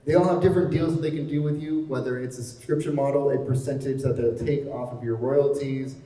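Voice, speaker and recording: A man's voice: mid-range voice, fairly even intonation, fairly quick, dark tone. A man presenting at a convention panel, talking in an enthusiastic, explanatory way. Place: large convention hall. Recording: echoey hall from far off.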